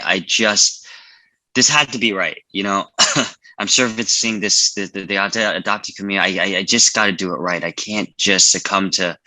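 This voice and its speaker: A man's voice: low-pitched, pushed and bright, no room sound, low-quality recording. A man from California, a filmmaker guest answering interview questions casually and earnestly, often repeating words and filling with "you know".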